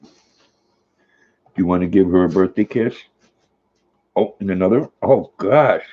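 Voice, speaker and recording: A man's voice: deep voice, unhurried, dull audio. An older man hosting a casual live stream, chatting affectionately and talking sweetly to his dog.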